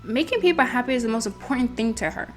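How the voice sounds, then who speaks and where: A confident, caring young club leader, voiced by a woman, upbeat and reassuring. Her voice sits high and bright. Faint game music plays underneath. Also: lively intonation, quick pace, close to an everyday voice.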